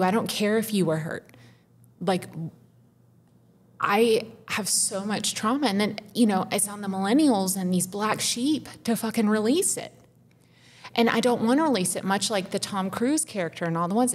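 A woman's voice: medium pitch, moderate pace, husky. A woman in her thirties, a podcast co-host, pouring out a raw, profane personal confession with intense feeling.

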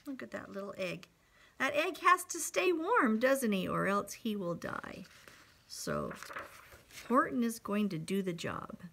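A woman's voice: mid-range voice, big pitch swings, unhurried, gravelly, pushed and bright, slight background noise. A woman teacher reading a picture book aloud to young children, expressively, with asides to them.

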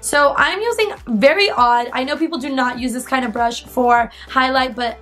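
A young woman chatting casually through a makeup tutorial, playful and giggly, with soft music behind. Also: high voice, moderate pace. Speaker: beauty vlogger.

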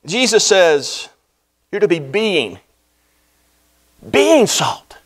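High-voiced man preaching a sermon. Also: very animated, takes it slowly, pauses often, a bit bright. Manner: earnest preaching with swelling emphasis. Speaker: pastor. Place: church sanctuary.

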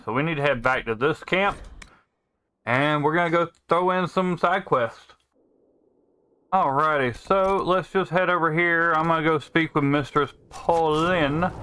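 A man's voice: fairly high pitch, pushed and bright, a little hiss or hum. A man casually commentating his gameplay, thinking aloud in a laid-back way. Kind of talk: casual let's-play commentary.

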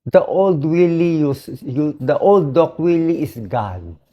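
A hoarse man with a Filipino accent, a doctor speaking in an emotional personal vlog, talking slowly and pleadingly. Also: on the high side, sing-song, highs cut off. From Philippines. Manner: slow, pleading, mixes English and Tagalog. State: hoarse, voice dried out.

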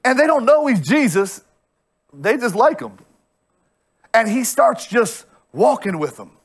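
A man preaching a lively sermon as pastor, conversational and funny, acting out characters and building to shouts. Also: very high-pitched, a little slow, husky. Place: church sanctuary.

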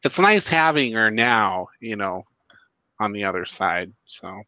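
A man co-hosting a live psychic show. He chats in a soft, agreeable, unhurried way. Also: fairly low pitch, lively intonation, no room sound, low-quality recording. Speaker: psychic co-host. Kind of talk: casual live-stream chat.

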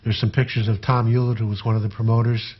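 An older man with a husky, slightly breathy voice tells anecdotes from his years on tour. He talks at an easy pace and trails off with fillers between memories. The recording sounds dull and lo-fi. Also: medium pitch, level tone. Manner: unhurried, rambling recollection with frequent fillers. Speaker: tour photographer recalling memories. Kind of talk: conversational anecdotal storytelling.

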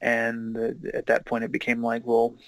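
A man's voice: medium pitch, monotone, normal speed, a bit bright, dry recording, low-quality recording. A man co-hosting a casual movie commentary, rambling with lots of fillers and casual swearing. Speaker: commentary co-host.

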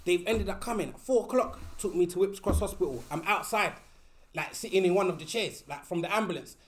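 A man in his thirties with an East London accent, a podcast guest telling a story in animated, slangy casual talk. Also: high-pitched, a little fast.

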